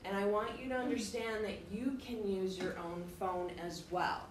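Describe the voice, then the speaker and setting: Woman teacher, mid-pitched, direct and emphatic lecture style, roomy echo with faint ambience. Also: fairly even intonation, moderate pace, slight background noise. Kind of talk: classroom lecture. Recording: echoey room, faint ambience.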